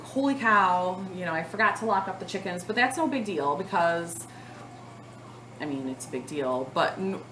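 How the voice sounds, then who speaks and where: A woman in her thirties telling a long story to the camera in a casual vlog, chatty and animated, with lots of fillers. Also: low voice, reverberant, noisy background. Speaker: cross-stitch vlogger.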